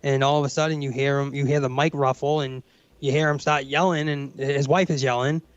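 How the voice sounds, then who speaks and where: A man's voice: mid-range voice, level tone, fairly quick, smooth, dry recording. Rambling, swearing young man, dry lo-fi mic. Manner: rambling, heavy swearing, says bro and dude. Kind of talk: casual chat storytelling.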